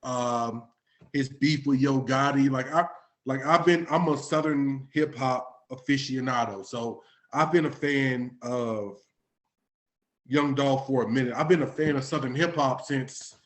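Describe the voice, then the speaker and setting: A man's voice: mid-range voice, unhurried. A man in his late thirties from Florida, hosting a podcast in casual chat, talking loosely and profanely while a bit intoxicated. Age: late 30s. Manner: loose, profane, slightly tipsy talk. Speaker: podcast host.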